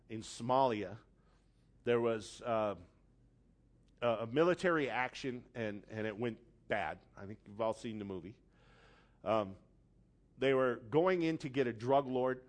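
Lively impassioned male preacher. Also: mid-range voice. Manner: impassioned preaching with dramatic storytelling; repeats words, builds from hushed to loud. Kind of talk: sermon.

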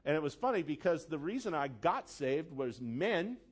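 A middle-aged man preaching a sermon, telling a personal story with dramatic, animated delivery and acted-out outbursts. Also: a little high, normal speed, slightly rough. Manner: animated, dramatic storyteller who acts out his own angry outbursts. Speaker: pastor.

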